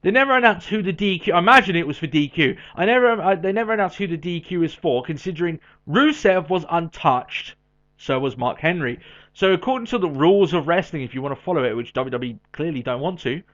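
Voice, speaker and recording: A man with a somewhat high voice co-hosts a podcast in loose, casual chat. He talks in an animated way, drops in quick asides and laughs a lot. The audio is muffled and lo-fi. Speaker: podcast co-host. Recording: dull lo-fi audio.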